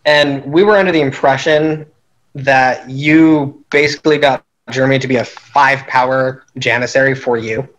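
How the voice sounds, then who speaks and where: A man's voice: medium pitch, steady tone, moderate pace, fairly bright tone, poor audio. A man casually recapping a strategy game he played, telling it animatedly and laughing at his own schemes.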